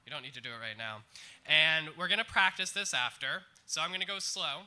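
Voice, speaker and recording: A man's voice: fairly high pitch, expressive, fairly quick, sharp tone. A man presenting on stage, coaching a live audience through breathing and singing exercises.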